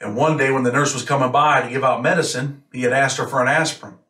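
A man's voice: mid-range voice, steady tone, fast talker, sharp tone. A man from New York State, a former prisoner, telling a story in a blunt, matter-of-fact way. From Rochester, New York. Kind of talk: casual storytelling. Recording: roomy echo, mic a bit far off.

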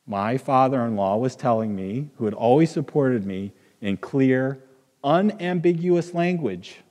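A middle-aged man preaching a sermon as pastor, conversational and halting, with fillers and restarts. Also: mid-range voice, lively intonation, darkish tone. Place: church sanctuary with long reverb. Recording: reverberant church hall.

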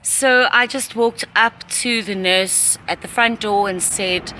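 A woman's voice: medium pitch, slow, bright, forceful tone, a little hiss or hum. A young pregnant woman chatting in a vlog about her morning at the hospital, in a heartfelt, reflective way. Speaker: pregnant vlogger. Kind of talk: casual vlog chat. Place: at a hospital, partly outdoors.

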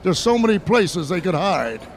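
A middle-aged comedian with a fairly high voice for a man rattles off punchy one-liners. He laughs along as he goes. The live recording carries a loud crowd and steady background noise. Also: moderate pace. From New York City. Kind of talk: stand-up comedy set. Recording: live set with a noisy crowd.

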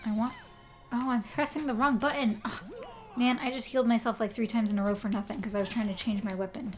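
Chatty high-voiced woman streaming a game. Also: fairly even intonation, quick pace, soft background music. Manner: chatty, talks to herself while playing. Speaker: streamer playing a video game. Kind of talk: live-stream gameplay commentary.

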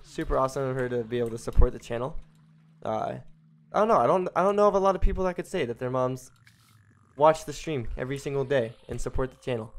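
A young man giving casual, rambling commentary as he streams a video game, breaking into excited exclamations and cutting himself off mid-sentence. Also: mid-range voice, quick pace. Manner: chatty and rambling, with excited exclamations and self-interruptions. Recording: faint game music behind.

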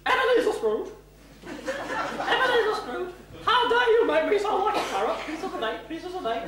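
A man's voice: extremely high pitch, sing-song, moderate pace, noisy background. A man playing a stern, bossy older female school matron in a one-man stage show, talking in a haughty, scolding way. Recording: echoey theatre stage, mic far off.

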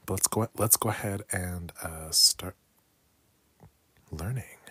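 A man chatting casually on a late-night livestream, talking softly and often slipping into whispers as he repeats phrases aloud. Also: low-pitched, slow, breathy edge, dry recording. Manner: chatty with viewers. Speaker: art livestreamer.

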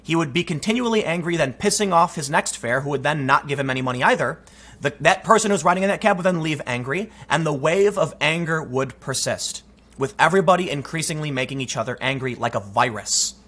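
Male political commentator, emphatic and talky; forceful delivery with a husky rasp. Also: a little high, animated, fairly quick. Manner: emphatic, conversational, frequent restarts. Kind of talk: opinion commentary, storytelling.

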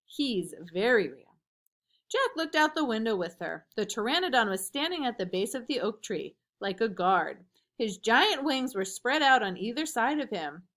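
Animated woman reading a children's story. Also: on the high side, moderate pace. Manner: expressive, animated. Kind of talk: children's read-aloud with questions.

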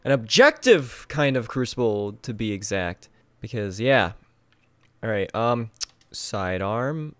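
A young man giving casual gameplay commentary, swinging between mumbled asides and excited yelps. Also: fairly low pitch, slow, clean tone, no room sound. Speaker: gaming YouTuber.

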